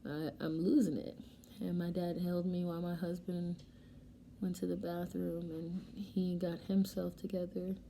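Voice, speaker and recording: Young woman vlogger, warm low voice, emotional chatty storytelling, light background hiss. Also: unhurried. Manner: emotional, animated retelling with quoted dialogue. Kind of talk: casual storytelling while doing makeup. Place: home, getting ready.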